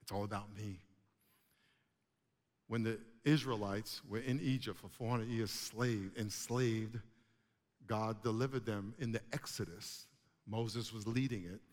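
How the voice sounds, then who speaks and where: Animated male preacher in a reverberant hall. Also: on the low side, a little slow. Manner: animated preaching with rising, emphatic bursts. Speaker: pastor. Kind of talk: sermon.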